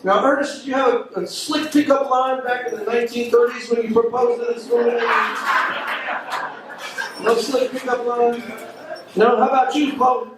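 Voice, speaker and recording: A man performs stand-up in a comedy club and calls out audience members by name between jokes. His voice sits very high. It comes from far off the mic and booms around a roomy club over loud noise. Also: fairly even intonation, moderate pace. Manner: crowd work, addressing audience members by name.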